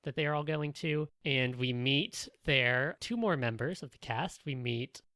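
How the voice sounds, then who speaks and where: A podcast co-host in a casual discussion, talking in an animated way with many fillers and restarts. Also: mid-range voice, unhurried, no echo.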